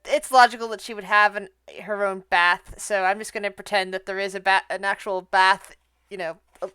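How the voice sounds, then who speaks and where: A woman narrating as game master of a tabletop role-playing game, relaxed and thinking aloud. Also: medium pitch, a little fast, clean tone, no room sound.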